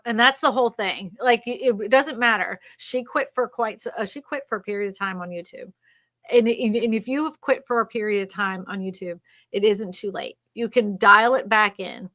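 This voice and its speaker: A woman co-hosting a live stream, coaching real estate agents on YouTube in an energetic, encouraging way. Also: mid-range voice, dry recording. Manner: energetic, encouraging, laughs often.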